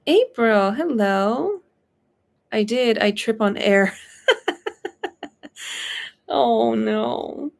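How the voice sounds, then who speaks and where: A woman's voice: on the high side, animated, extremely slow, vocal fry, long pauses. A woman psychic medium chatting casually on a live stream, giggly and full of fillers. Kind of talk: live-stream reading chat.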